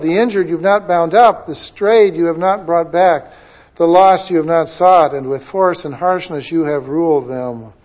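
A male pastor preaching a sermon and reading scripture aloud, building to loud, emphatic declaiming. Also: sits high, dull audio.

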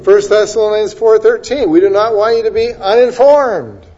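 Male pastor preaching, voice sits pretty high, lots of questions and sudden emphasis, kinda muffled lo-fi audio. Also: mellow, slight background noise. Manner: preaching, quoting scripture references in quick succession; rhetorical questions, rising to emphatic peaks. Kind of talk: sermon.

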